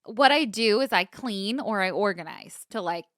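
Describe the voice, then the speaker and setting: A young woman co-hosting a podcast, telling stories in a lively, casual way, swearing freely and acting out the scenes. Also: mid-range voice, normal speed, dry recording, studio quality. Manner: animated storyteller, swears freely, acts out scenes. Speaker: podcast co-host. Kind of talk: casual chat.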